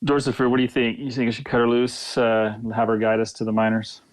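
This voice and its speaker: A man playing a tabletop game, speaking in a plain, unhurried way. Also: medium pitch, monotone. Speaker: player. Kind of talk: tabletop role-play.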